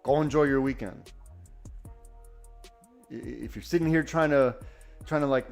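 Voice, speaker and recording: A man hosting a live trading stream, talking casually and excitedly, often restarting his sentences. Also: medium pitch, a little slow, pauses often, faint music behind. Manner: enthusiastic, rambling, self-correcting. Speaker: day-trading livestream host.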